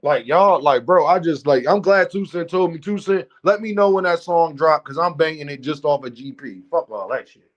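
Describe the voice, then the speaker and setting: A man with a high voice hosts a live stream in unscripted rant mode. He talks bluntly and profanely, addressing his chat directly and heatedly. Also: normal speed, dull audio. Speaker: livestream host.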